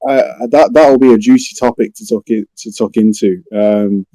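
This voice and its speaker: A man with a Manchester accent on a gaming podcast panel, talking in a relaxed, slangy, rambling way. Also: lowish voice, normal speed, dry recording, poor audio. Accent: Manchester English. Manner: laid-back, slangy, rambling. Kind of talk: casual panel chat.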